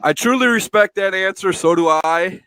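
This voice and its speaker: A man's voice: high voice, moderate pace, pushed and bright, smooth, no room sound. A man hosting a casual live stream from home, chatting, reading out viewer comments and laughing often. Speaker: show host.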